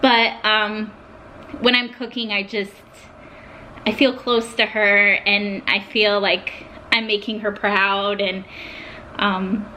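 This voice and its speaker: A young woman talking casually and warmly to her viewers about her love of cooking, getting emotional at times. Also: mid-range voice, little pitch movement, slow, a little hiss or hum. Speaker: vlogger. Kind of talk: casual talk to camera.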